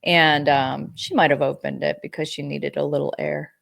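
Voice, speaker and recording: Woman podcast host, casual chat, animated storyteller, swears freely. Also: low-pitched, normal speed, gravelly.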